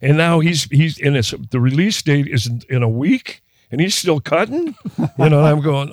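A man's voice: fairly high pitch, animated, moderate pace, no room sound, clean studio sound. An older man from Minnesota, a guest musician, telling a story in casual interview chat, with rambling, self-interrupting sentences and laughs.

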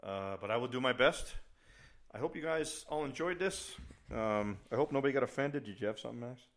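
A middle-aged man rants through a casual podcast, rambling and exasperated, often getting louder as he works himself up, then mocking himself as a grumpy old-timer. His voice sits at an ordinary pitch for a man. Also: brisk. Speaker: podcast host.

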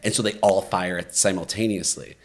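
Animated low-voiced man, casual podcast chat. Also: brisk. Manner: animated storytelling, many fillers. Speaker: podcast host.

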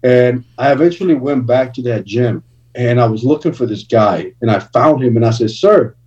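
A man's voice: mid-range voice, normal speed, a little mellow. Distant earnest man telling testimony. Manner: earnest and conversational, with frequent "like" and "man". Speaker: guest minister sharing his testimony. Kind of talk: personal testimony storytelling. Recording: distant, dull lo-fi recording.

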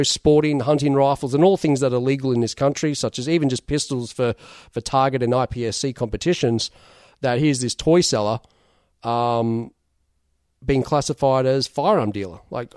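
A young adult man with an Australian accent, a toy seller talking through his case as an interview guest in a rambling, relaxed way with many fillers. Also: mid-range voice, brisk, clean tone, no room sound, clean studio sound. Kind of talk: casual interview talk.

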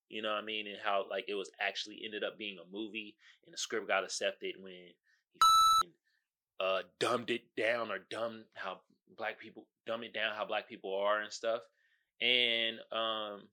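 A man's voice: on the low side, sharp tone. A man hosting his own podcast, talking casually in slangy commentary and often asking "you feel me.". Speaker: podcast host.

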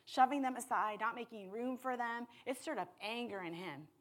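A woman preaching a sermon with passion, dropping to hushed tones and then rising to loud appeals. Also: on the high side, moderate pace. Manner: impassioned, swings from hushed to loud.

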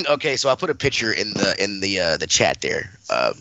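A man co-hosting a podcast, telling a profane, animated story and laughing as he goes. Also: fairly low pitch, moderate pace, no echo. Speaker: podcast co-host. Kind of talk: casual storytelling.

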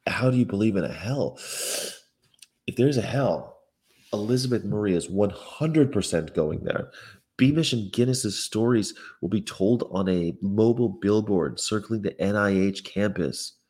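A man's voice: lowish voice, expressive, a little slow, husky. A man from the North of England, a vegan activist vlogger, reading news aloud and reacting with profane exasperation in a rented apartment room. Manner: profane, exasperated, swings between loud outbursts and muttering. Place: indoor rental apartment room with a window view.

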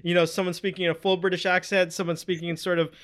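A man's voice: high-pitched, flat delivery, fast talker, a bit bright. A man hosting a podcast, introducing his guest and asking questions. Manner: upbeat, scripted-sounding introduction. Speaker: host.

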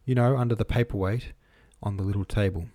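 A man voicing an irritable, peevish old prince who speaks gruffly and dismissively in an audiobook. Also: fairly low pitch, fairly even intonation, fast, warm tone, no room sound, clean studio sound, natural voice. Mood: brusque. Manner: gruff and dismissive, scornful laugh.

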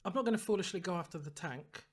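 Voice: mid-range voice, fast, a crowd in the background. A podcast co-host from Britain, making a rousing, worked-up speech in casual chat and swearing freely.

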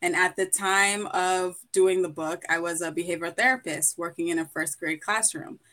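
A woman's voice: lowish voice, steady tone, normal speed, fairly bright tone. A woman from Brooklyn who was raised in Boston, a guest author and mental health clinician, chatting in a friendly way and laughing easily. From Brooklyn, New York; raised in Boston. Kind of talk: casual interview chat.

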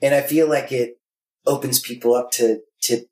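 A man's voice: medium pitch, fairly even intonation, moderate pace, mellow. A man talking candidly and animatedly, acting out quoted voices as he tells stories. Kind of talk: candid conversation. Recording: roomy echo.

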